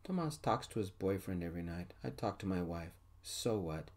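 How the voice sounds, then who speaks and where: A man's voice: deep voice, animated, moderate pace, a little mellow. A man voicing a blunt exasperated bandmate. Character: exasperated adult male bandmate, loyal and blunt. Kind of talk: soft-spoken ASMR storytelling.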